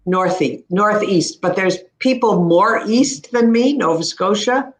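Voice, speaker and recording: A woman with an Ontario Canadian accent explains pronunciation in an easygoing talk over a video call. Her pitch sits at a middling level for a woman. The sound is roomy, with the room's echo clearly around her voice. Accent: Ontario Canadian English. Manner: warm explaining, demonstrates pronunciations slowly. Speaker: speech-language pathologist guest. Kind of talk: casual explanatory chat.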